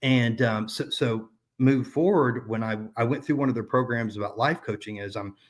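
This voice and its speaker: A man's voice: medium pitch, moderate pace. A man in his thirties telling a personal story in a casual chat, rambling with many fillers and restarts. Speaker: podcast guest.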